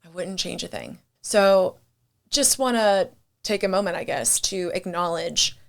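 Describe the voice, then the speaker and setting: A woman's voice: lowish voice, measured pace, gravelly. Chatty woman hosting a solo podcast. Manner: candid, chatty and reflective, with some swearing. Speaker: podcast host. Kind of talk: casual solo podcast monologue.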